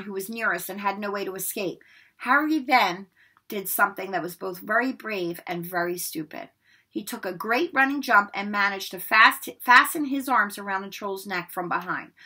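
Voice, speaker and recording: A woman reading a children's novel aloud, acting out the dialogue and dropping her voice for the suspenseful parts. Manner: expressive, lifts her voice high for the boys' lines and drops low for suspense. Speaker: read-aloud narrator. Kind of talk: storybook read-aloud narration.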